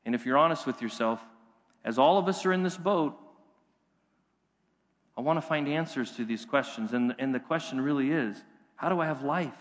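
A middle-aged man preaching a sermon, building his voice up with passion and then dropping to hushed, quiet lines. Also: mid-range voice, moderate pace, long pauses. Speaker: pastor. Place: church sanctuary. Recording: reverberant church hall.

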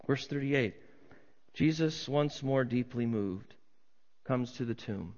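A man's voice: mid-range voice, lively intonation, takes it slowly, pauses often, darkish tone. A middle-aged man preaching a sermon in a conversational way, now and then acting out voices from a crowd. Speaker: pastor. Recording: muffled sound with long hall reverb.

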